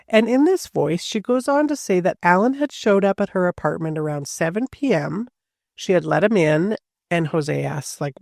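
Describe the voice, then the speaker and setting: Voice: mid-range voice, animated, normal speed, gravelly, darkish tone, no room sound, clean studio sound. A podcast host telling a true-crime story casually, with chatty asides and a lot of "like".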